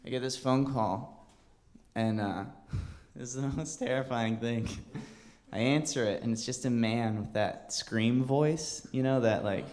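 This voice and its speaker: A stand-up comedian with a medium-pitched voice tells a rambling, self-deprecating story at a moderate pace. He hesitates often as he goes.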